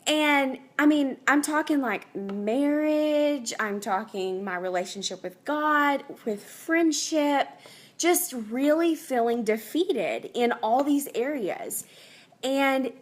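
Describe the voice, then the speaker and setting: Young woman, health coach, slightly high voice; earnest, chatty, rambling, faith-centered. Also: lively intonation, slow pace. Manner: earnest, rambling, faith-driven, with many fillers and restarts. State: pregnant. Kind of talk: casual unscripted talk to viewers.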